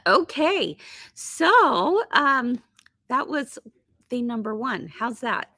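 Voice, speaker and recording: A woman hosting a live sewing tutorial, bubbly and chatty and laughing often, her voice slightly hoarse. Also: on the high side, sing-song, slow, pushed and bright, dry recording, clean studio sound. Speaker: quilt shop host.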